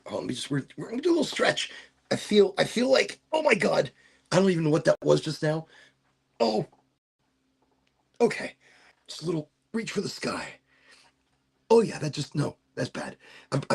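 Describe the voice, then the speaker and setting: A middle-aged man hosting a livestream, chatting casually while high, rambling, laughing and making fun of himself. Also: creaky, breathy edge. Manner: rambling, laughing, self-mocking. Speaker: livestream host.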